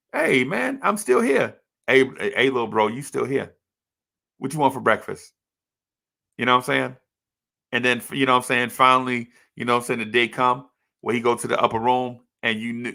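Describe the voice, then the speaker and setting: Man, gravelly voice, live stream host, rhetorical and heartfelt. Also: medium pitch, bright, forceful tone. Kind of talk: emotional sports fan monologue.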